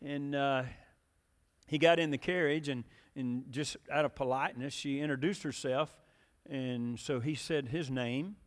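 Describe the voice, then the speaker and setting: A man's voice: mid-range voice, a little slow, big-room sound. A man preaching a sermon in a folksy, storytelling way, with many fillers and questions to the congregation.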